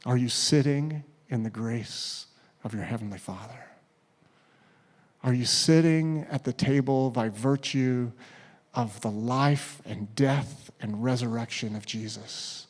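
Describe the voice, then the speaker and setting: Male pastor, sermon delivery, slow measured pace, voices the quotes, drops to a near hush for emphasis. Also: medium pitch. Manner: storytelling with acted quotes, dropping to a hush at key points.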